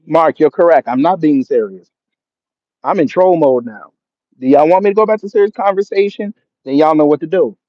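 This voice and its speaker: A man's voice: a little high, expressive, brisk, no room sound. A man of Jamaican background hosting a livestream, reading out chat comments and answering them with sarcasm and laughter. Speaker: livestream host. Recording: dull lo-fi stream audio.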